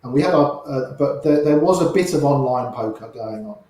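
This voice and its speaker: Echoey older man spinning poker stories. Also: mid-range voice. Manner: animated raconteur, quotes people in quick little voices. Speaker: poker player guest. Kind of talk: anecdotal storytelling. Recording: very echoey room.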